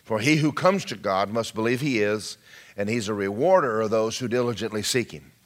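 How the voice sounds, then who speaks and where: Here a middle-aged Georgia preacher, a pastor, addresses his congregation with called-out questions mid-sermon. His voice is on the low side and moves a little fast.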